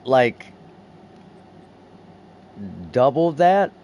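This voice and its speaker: A young man streaming a video game, chatting casually and excitably, swearing often and restarting his sentences. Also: on the high side, very slow, dull audio. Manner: profane, excitable, many restarts.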